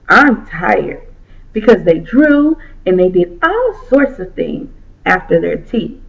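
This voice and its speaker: A woman telling a children's story aloud in a slow, sing-song way. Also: sits high, vocal fry. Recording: dull lo-fi recording.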